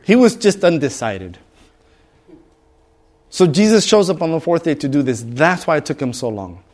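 A man's voice: on the high side, very animated, a little fast. A middle-aged man preaching a sermon in a conversational way, acting out bystanders with humor. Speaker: pastor.

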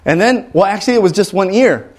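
A man preaching a sermon. He tells a personal story with animated energy and acts out the dialogue in shifting voices. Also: high voice, quick pace. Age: adult.

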